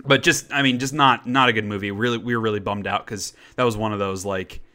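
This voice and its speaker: A man's voice: on the low side, steady tone, quick pace, bright, forceful tone. A man co-hosting a podcast, chatting casually about movies he watched, rambling with fillers and restarts. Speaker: podcast co-host. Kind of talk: casual chat reviewing movies.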